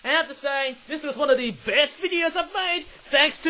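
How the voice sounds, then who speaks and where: A man's voice: extremely high pitch, brisk, few pauses, bright, forceful tone, poor audio. A young man, rambling through a casual toy review and tagging his sentences with a questioning "eh?". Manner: rambling, ends phrases with a questioning "eh?".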